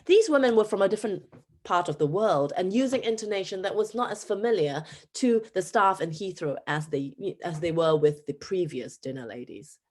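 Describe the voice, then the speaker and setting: A woman in her thirties from Singapore with a Singaporean accent, an English teacher giving a conference talk in an animated storytelling manner. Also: moderate pace. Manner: animated storytelling with pitch jumps.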